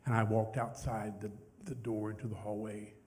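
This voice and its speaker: A man leading a congregation in hymns, who pauses to tell a story in a soft, heartfelt voice that sinks very quiet. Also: fairly low pitch, level tone. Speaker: worship leader and chaplain. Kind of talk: hymn leading with spoken testimony. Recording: reverberant hall with loud music.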